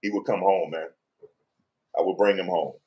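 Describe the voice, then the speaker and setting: Middle-aged new guy ranting hard, emphatic and profane, kinda low voice. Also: moderate pace, highs cut off. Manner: emphatic, profane, repetitive, animated rant. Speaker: commentator. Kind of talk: heated opinion commentary.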